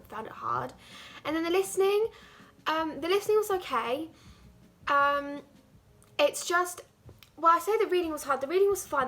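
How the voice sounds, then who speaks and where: Teen girl, high voice, chatty, rambling vlog talk, from England. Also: fairly bright tone. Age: teens. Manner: chatty, rambling, heavy use of "like". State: out of breath. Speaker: vlogger. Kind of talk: casual vlog chat.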